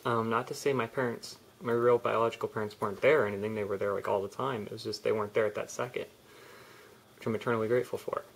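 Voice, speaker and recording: A man's voice: lowish voice, fairly even intonation, fast talker, vocal fry, a little hiss or hum. Young man telling a personal story. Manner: candid, rambling, with frequent restarts and laughs. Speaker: vlogger. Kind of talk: personal confessional vlog.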